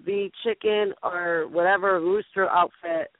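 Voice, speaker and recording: A woman's voice: lowish voice, fairly even intonation, measured pace, dry recording. A woman hosting a casual chat show, brash and playful, trash-talking her guests. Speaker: podcast host. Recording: tinny phone-line audio.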